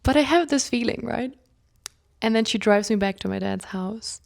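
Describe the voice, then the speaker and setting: A young adult woman vlogger telling a personal story in a casual, chatty way, often saying "like" and acting out what people said, moving between loud bursts and whispers. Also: fairly high pitch, moderate pace, vocal fry. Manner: chatty, fills speech with "like"; acts out quoted speech, shifting between loud bursts and whispers.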